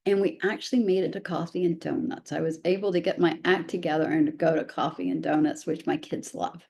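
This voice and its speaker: A woman's voice: lowish voice, steady tone, fairly quick, creaky, few pauses, darkish tone. A middle-aged woman giving a chatty presentation to parents, with frequent "right?" asides and self-deprecating humor. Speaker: presenter and parent of a child with special needs.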